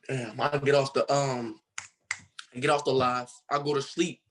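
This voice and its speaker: A man's voice: mid-range voice, flat delivery, a little slow, a bit bright, slight background noise. A young man from Cincinnati, Ohio, telling his story as a guest in a casual interview, in a loose, slangy way full of fillers. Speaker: guest artist.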